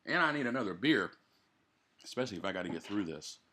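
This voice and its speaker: A podcast host talks fast and very animatedly in a lowish voice, with background noise audible. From his living room he reads a news article aloud, breaking away to drink and make blunt asides laced with swearing.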